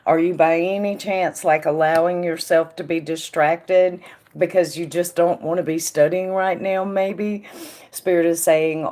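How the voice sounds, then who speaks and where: A woman hosting a casual live tarot reading, chatting with viewers by name and dropping to a quiet murmur when she puts questions to the cards. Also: low-pitched, fairly even intonation, a little slow. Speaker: tarot reader and stream host.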